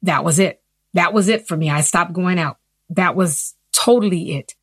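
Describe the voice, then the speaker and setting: A woman in her fifties telling her personal story in an interview, earnest and animated. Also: fairly low pitch, normal speed, slightly rough, no room sound, clean studio sound. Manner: earnest, animated retelling with acted quotes. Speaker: interview guest.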